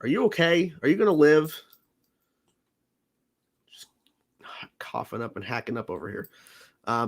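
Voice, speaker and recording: A man's voice: medium pitch, fairly bright tone. A man hosting a livestream, chatting casually with viewers, laughing often and rambling with restarts and fillers. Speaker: livestream host.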